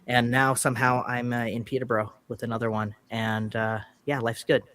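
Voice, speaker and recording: A man with a voice of middling pitch talks as a guest on a casual show. He rambles, restarts his sentences and laughs readily as he tells stories about his work in voice acting. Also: little pitch movement, fairly bright tone. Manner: rambling, halting, laughs often. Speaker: guest voice actor. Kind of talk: casual chat. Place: home studio.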